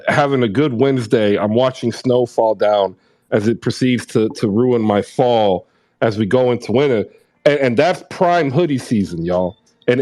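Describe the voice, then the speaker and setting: A man's voice: medium pitch, darkish tone, no room sound. Dry-sounding laid-back male host. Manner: laughs easily, loose and rambling. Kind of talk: casual chat with ad reads.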